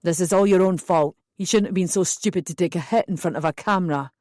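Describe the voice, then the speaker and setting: Woman doing a stern older cop, curt and scolding, lowish mellow voice, dry audiobook sound. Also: fast, dry recording, close to an everyday voice. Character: stern older male police officer.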